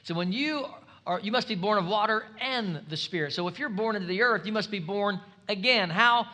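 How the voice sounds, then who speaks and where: A man preaching a sermon as pastor, energetic and humorous, building up to shouts. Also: high voice, brisk.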